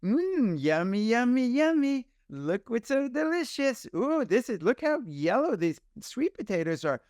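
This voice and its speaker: A man's voice: very high-pitched, big pitch swings, a little slow, a little mellow, no echo, studio quality, pitched above the performer's own voice, heavily acted. A man voicing a doting parent, using sing-song, repetitive baby talk to coax a baby to eat. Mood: cooing.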